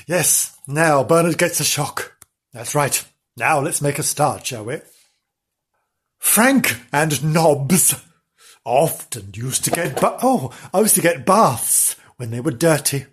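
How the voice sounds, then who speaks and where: A man's voice: on the high side, slightly rough. A man reading a comic animal story aloud, breaking off into playful, giggly asides to the listener.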